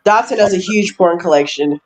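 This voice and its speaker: A woman chatting casually with friends, blunt and quick to laugh. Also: lowish voice, darkish tone. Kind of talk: casual group chat.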